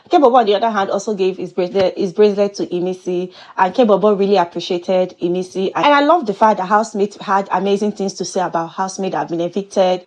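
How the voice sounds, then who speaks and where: A woman giving a chatty, playful recap of a reality show. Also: medium pitch. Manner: chatty and animated, with playful exclamations. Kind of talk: casual gossip commentary.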